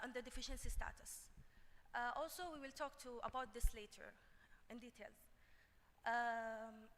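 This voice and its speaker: A woman giving a conference talk on clinical nutrition, halting with many fillers and restarts. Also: sits high, a little hiss or hum. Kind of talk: conference presentation. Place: conference hall. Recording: long hall reverb.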